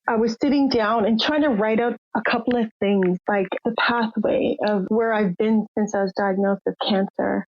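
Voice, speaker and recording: An older Canadian woman speaks in a steady mid-range voice at a moderate pace, hardly pausing. As a podcast guest she candidly and emotionally relates her personal story, voicing its characters. The recording is dry and muffled, lo-fi.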